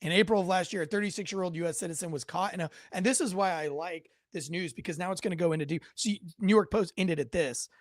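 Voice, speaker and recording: A man's voice: high-pitched, fast talker, hardly any pauses, no echo, studio quality. A man hosting a casual news commentary show from home, rambling with sarcastic asides and frequent self-corrections.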